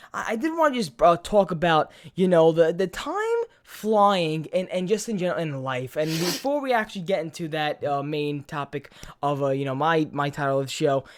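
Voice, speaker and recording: A young man hosting a casual podcast, talking in an excitable, rambling way and swearing freely. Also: high voice. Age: young adult. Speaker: podcast host.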